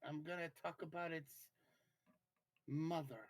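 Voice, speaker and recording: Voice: mid-range voice, steady tone, measured pace, low-quality recording. A player in a casual tabletop game who swears freely and talks with lots of energy.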